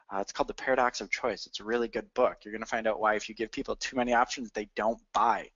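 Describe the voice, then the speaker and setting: A man coaching insurance agents in a sales training talk, energetic and addressing listeners directly. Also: fairly low pitch, quick pace, few pauses. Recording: dull lo-fi audio.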